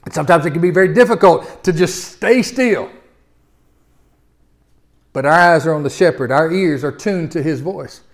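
High-voiced preacher, loud and soft by turns. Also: male voice, normal speed, long pauses. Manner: swings from loud, emphatic exhortation to low, quiet reflection; repetitive, call-and-response delivery with stutter-starts. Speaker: pastor. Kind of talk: sermon.

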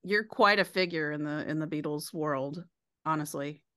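A woman hosting a casual interview, admiring and encouraging her guest and quick to laugh. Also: low-pitched, fairly bright tone, no room sound, studio quality. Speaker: podcast host.

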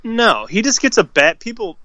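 A man's voice: high voice, very animated, moderate pace, pushed and bright, dry recording, lo-fi sound. A man co-hosting a casual hockey podcast, swearing freely and ranting with strong opinions. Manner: profane, fired-up hockey opinions. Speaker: podcast co-host. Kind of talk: casual sports chat.

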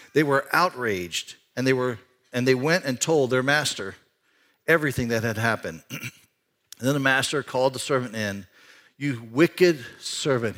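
A man pastor giving a conversational sermon in a church, swinging between excited rises and quiet, hushed stretches. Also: mid-range voice. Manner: animated, conversational preaching with sudden rises and hushed drops. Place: church sanctuary.

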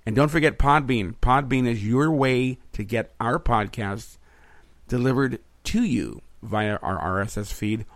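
A podcast host chats in an upbeat, casual way, leaning on frequent fillers. His medium-pitched voice is unhurried and dry, with no room sound, recorded through a remote setup.

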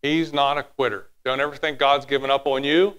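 A man preaching a sermon, animated, sometimes dropping to a hushed tone and acting out little quotes. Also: medium pitch, fairly quick, smooth. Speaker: pastor.

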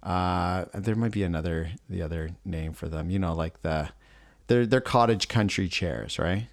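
A middle-aged Canadian man co-hosts a podcast, chatting casually and telling a long, rambling story while acting out what others said. His voice sits low and creaky at a moderate pace, recorded in studio quality with no room sound.

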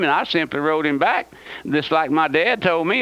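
Male radio preacher, high bright voice, impassioned and repetitive, dry dull radio sound. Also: expressive, moderate pace, no room sound. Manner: impassioned, repeats phrases, calls listeners "my friend". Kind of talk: fiery radio sermon.

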